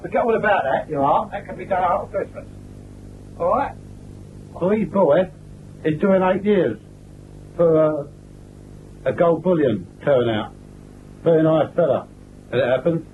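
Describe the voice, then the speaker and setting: A jovial man with a fairly high voice, chatting and bantering casually. The sound is thin and narrow like a phone line, from an old 1970s film. A faint hiss runs underneath. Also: measured pace, long pauses. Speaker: documentary subject. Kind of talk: casual chat.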